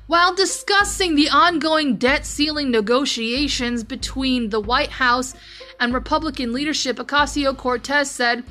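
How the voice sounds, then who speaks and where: A woman with a fairly high, bright, sharp voice hosts a news commentary podcast. She reads the stories aloud and then launches into heated rants full of swearing. Faint music sits low underneath her. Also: normal speed. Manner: profane, heated ranting. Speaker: podcast host.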